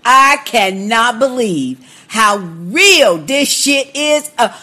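A woman co-host in casual podcast chat, talking with a bright, forceful edge. Her pitch sits a little high and moves a lot. She is chatty and trips over fillers as she builds her story. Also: very animated, slow. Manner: chatty, backchannels a lot, stumbles with uh.

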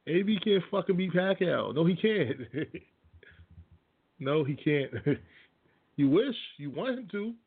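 Gravelly man ranting over tinny audio. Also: a little high, big pitch swings, slow, pauses often. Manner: blunt, profane, laughs at opinions he mocks. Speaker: host. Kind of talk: casual sports rant.

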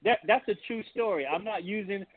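A man, a pastor, telling a personal story on a call-in talk show in an animated, folksy way. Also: sits high, a little fast, no room sound. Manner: animated, folksy storytelling with Southern turns of phrase. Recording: tinny phone-line audio, dry.

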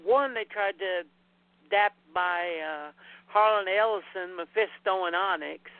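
High-pitched guy on a podcast, cusses a lot, knows his trivia, tinny dry phone sound. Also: unhurried, smooth, no room sound. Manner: swears freely, trivia-heavy. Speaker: podcast co-host. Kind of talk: casual chat.

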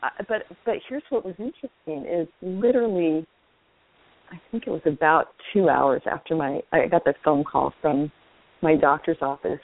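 Woman guest on a call-in radio show, animated, earnest storytelling, phone-line sound. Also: low voice, normal speed. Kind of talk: casual interview storytelling.

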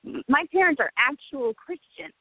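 A woman's voice: high voice, lively intonation, normal speed, no echo. A woman in her forties, a radio guest, speaking candidly and emotionally and swearing freely. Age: 40s. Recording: tinny phone-like dry sound.

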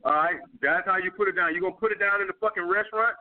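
A blunt, profane man with a New York accent hosts a call-in dating advice show. He speaks in a fairly high voice and keeps repeating his points. The sound is thin and tinny, like a phone line. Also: very fast. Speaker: dating coach host.

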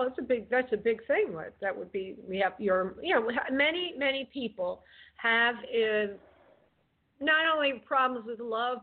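A woman hosting a call-in radio show as a spirit medium, relaying messages and calling callers honey and darling. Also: fairly high pitch. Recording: tinny phone line.

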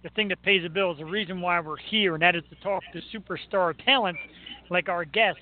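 A man's voice: high voice, brisk. A man hosting a radio show, chatting casually in a joking, self-mocking way. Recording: tinny phone-like line.

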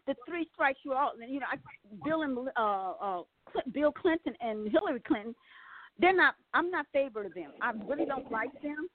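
Woman, radio guest, earnest, hesitant, higher voice, dry phone-line audio. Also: lively intonation, normal speed. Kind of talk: talk radio discussion.

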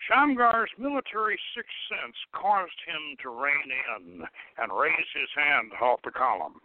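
A man hosting a radio show, narrating a story in a measured, expressive way. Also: on the high side, no room sound. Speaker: radio host reading a story. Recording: dry, tinny phone-like radio sound.

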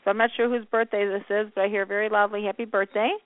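A woman's voice: mid-range voice, flat delivery, quick pace, no room sound. Woman, call-in radio host, calls people honey, phone-line sound, dry. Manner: warm, calls callers honey. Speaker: radio show host and coffee psychic.

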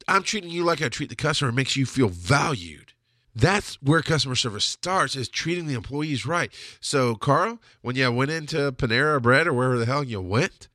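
A man's voice: medium pitch, lively intonation, a little fast, pushed and bright, dry recording, studio quality. A man hosting a podcast, delivering a blunt, heated, profane solo rant. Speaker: podcast host. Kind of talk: ranting solo monologue.

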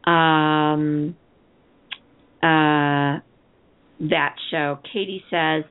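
A woman's voice: low voice, little pitch movement, extremely slow, smooth. A woman co-hosting a TV discussion show, chatting casually and rambling as she reads listener comments aloud. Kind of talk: casual chat. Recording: tinny phone-line sound.

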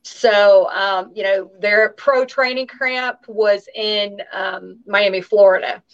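A woman's voice: mid-range voice, steady tone, slow, highs cut off. A woman from Tennessee with a Southern accent, chatting as an interview guest, bubbly and chatty with lots of fillers and laughter. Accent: Southern American. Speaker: guest, actress and singer. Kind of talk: casual interview chat.

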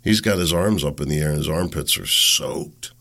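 Deep gravelly man, sarcastic host. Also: normal speed, pushed and bright. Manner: sarcastic, blunt, rambling with restarts. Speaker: talk show host. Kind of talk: solo political commentary.

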